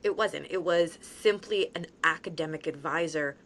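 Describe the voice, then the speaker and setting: A woman hosting a podcast in a casual interview, chatty, quick to laugh and self-deprecating. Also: low-pitched, a little hiss or hum. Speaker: podcast host.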